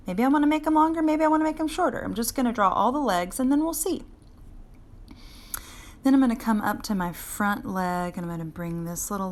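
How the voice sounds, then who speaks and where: A woman teaching a live drawing lesson to children, chatting and encouraging as she draws, recorded on a handheld phone. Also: mid-range voice. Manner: chatty, encouraging, talks while drawing and answers viewers by name. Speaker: art teacher. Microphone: phone held in hand.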